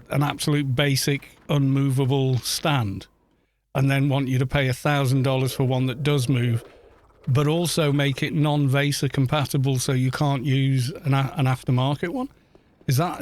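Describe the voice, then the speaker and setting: A man chats casually over a game livestream, ranting with scornful disbelief. His voice sits at an ordinary middle pitch. He rambles and often starts over in the middle of a sentence. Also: a little mellow. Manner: incredulous, mocking rant; rambling, with restarts and fillers. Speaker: game streamer. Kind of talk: casual livestream chat while gaming.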